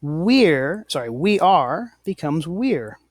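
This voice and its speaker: A man's voice: a little high, very animated, slow, dry recording. A man teaching a lesson, explaining patiently and correcting himself often. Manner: patient, self-correcting, apologetic. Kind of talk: slow, deliberate classroom explanation.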